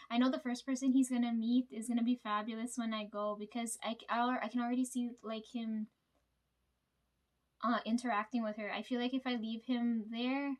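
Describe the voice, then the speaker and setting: A young woman telling a workplace story to her viewers in a rambling, profane way, leaning on "right?" and "like". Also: fairly high pitch. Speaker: vlogger.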